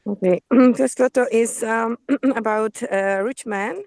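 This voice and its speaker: A woman's voice: on the high side, slow, darkish tone, dry recording. A woman learning English, answering hesitantly on a phone call while out walking near a forest. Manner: hesitant, short answers, clears throat. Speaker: student. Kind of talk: speaking practice in a lesson. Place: outdoors near a forest, pushing a pram.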